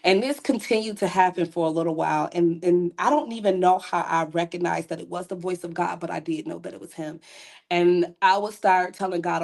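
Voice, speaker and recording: Earnest woman with a low voice. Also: normal speed, vocal fry, darkish tone. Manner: candid, earnest storytelling with casual asides. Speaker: podcast guest. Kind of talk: personal faith testimony.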